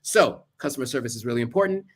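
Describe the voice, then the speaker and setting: A man's voice: medium pitch, expressive, quick pace, husky. A man giving earnest, casual advice to camera, listing tips with asides along the way. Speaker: vlogger.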